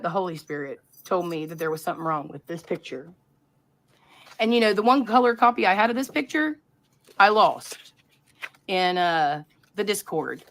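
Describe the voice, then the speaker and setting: Woman rambling through theories to her chat. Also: fairly low pitch. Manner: rambling, conspiratorial, self-interrupting. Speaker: livestream host. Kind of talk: live-streamed commentary to chat.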